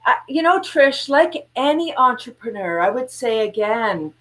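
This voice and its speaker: A woman with a fairly high-pitched voice speaks at a measured pace. She's a guest entrepreneur on a video call in a casual interview chat, telling stories animatedly and acting out quotes with laughs.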